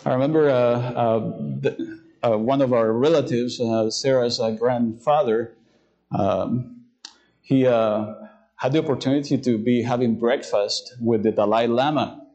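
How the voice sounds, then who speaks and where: A male pastor preaching a sermon, hesitant with fillers when telling a story and slowing down to read scripture aloud. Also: medium pitch, fairly even intonation, dark tone, muffled recording.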